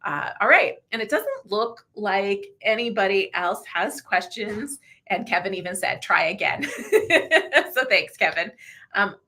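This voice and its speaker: A woman hosting a casual livestream, chatty and quick to laugh, who answers viewer questions and reads passages aloud to show how to narrate. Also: medium pitch, animated, bright, forceful tone. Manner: chatty, laughs often, demonstrates slow audiobook reading. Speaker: livestream host.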